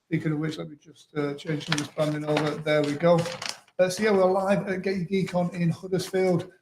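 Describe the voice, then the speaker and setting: A man's voice: on the high side, little pitch movement, brisk, reverberant, noisy background. A man co-hosting and running a live stream from a town event, chatting in an upbeat way while he works the controls. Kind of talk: casual live chat.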